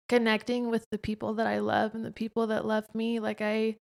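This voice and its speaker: Chatty, expressive young woman podcaster. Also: a little high, a little fast, vocal fry, hardly any pauses. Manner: chatty and expressive, frequent filler "like". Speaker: podcast host, interviewed by her husband. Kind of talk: casual conversational chat.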